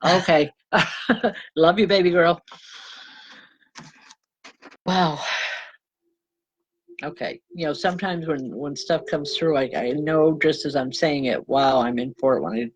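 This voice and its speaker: A woman reverend with a low-pitched voice speaks slowly and pauses often while giving live spiritual readings to viewers. She's chatty and informal, calling people hon and babe, with frequent ums, restarts, and self-corrections, and she often laughs and apologizes to her audience. The recording is muffled with slight background noise.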